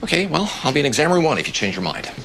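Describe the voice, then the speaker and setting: A man's voice: fairly high pitch, sing-song, rapid-fire, gravelly, background noise. An actor playing a blunt, sardonic male doctor who talks in a dry, offhand way. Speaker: doctor in a TV drama.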